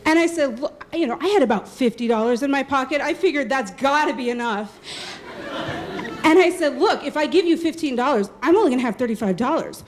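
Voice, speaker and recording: A woman in her thirties telling a true personal story live on stage, lively and laughing, acting out the voices of the people she quotes. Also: high voice, brisk, a little hiss or hum. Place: small live venue with audience.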